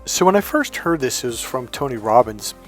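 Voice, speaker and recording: Man, mid-range voice, casual coaching talk, animated anecdotes, soft music bed. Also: medium pitch, brisk. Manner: animated storytelling, acting out quoted dialogue. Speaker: life coach. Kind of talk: casual monologue to camera.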